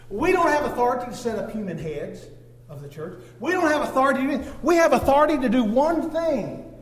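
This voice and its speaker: High-pitched preacher in an echoey hall. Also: male voice, slight background noise. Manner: emphatic, shifting between loud stresses and low drawn-out phrases. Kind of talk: sermon.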